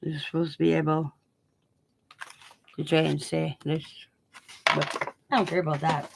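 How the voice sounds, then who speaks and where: A woman's voice: low-pitched, little pitch movement, unhurried, creaky, heavy background noise. A woman hosting a casual crafting livestream, chatting loosely as she works and chewing gum while she talks. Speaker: craft channel host.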